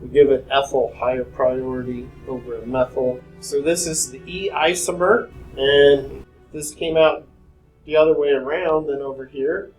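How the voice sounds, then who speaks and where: A man's voice: mid-range voice, steady tone, moderate pace, darkish tone, poor audio. A man delivering a chemistry lecture in a classroom. He speaks in a casual, conversational way and often turns to ask his students questions. Faint music plays underneath.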